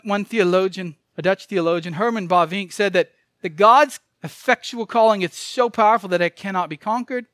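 Earnest high-voiced male preacher. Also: fairly bright tone, no echo, clean studio sound. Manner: earnest, emphatic, repeats key phrases. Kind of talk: sermon.

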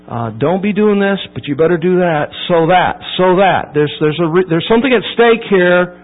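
A man preaching a sermon verse by verse, emphatic and building to loud peaks before dropping low. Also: lively intonation, moderate pace, hardly any pauses. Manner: emphatic, rising to near-shouting at key points. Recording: tinny phone-like line with mains hum.

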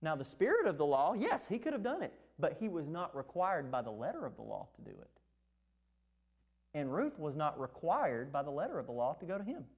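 A man preaching a sermon, lively and animated, acting out the words of the text. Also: brisk. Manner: animated, acts out scripture quotes with rising pitch.

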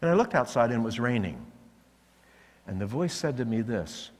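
Guy preaching, super animated, voice goes all over, big echoey hall. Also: mid-range voice, normal speed, pauses often. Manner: animated storytelling, acting out voices. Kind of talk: sermon. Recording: long hall reverb.

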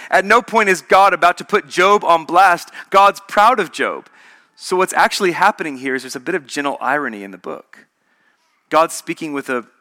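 Guy preaching, kinda high and bright, punchy, keeps repeating his points. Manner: emphatic and repetitive, building points with contrasts. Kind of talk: sermon.

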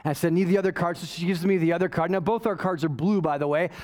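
Man, pastor, high voice, animated sermon storytelling, self-mocking, waves his arms. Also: fast talker. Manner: animated, asks "right?" often.

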